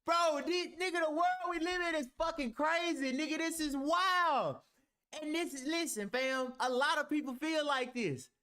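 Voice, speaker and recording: A man's voice: extremely high pitch, moderate pace, sharp tone. A man reacting to a clip, heated and argumentative, talking with heavy profanity. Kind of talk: ranting reaction commentary.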